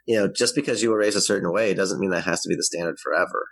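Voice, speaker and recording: A man's voice: sits low, racing, fairly bright tone, slightly rough, dry recording, rough recording. A man, apparently a parenting coach, confidently explaining ideas with examples in conversation.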